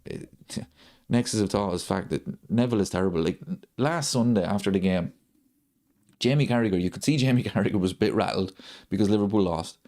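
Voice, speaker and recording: This man hosts a live football watchalong, ranting and going over his points again and again for emphasis. His voice is on the low side, a little mellow, and a bit fast.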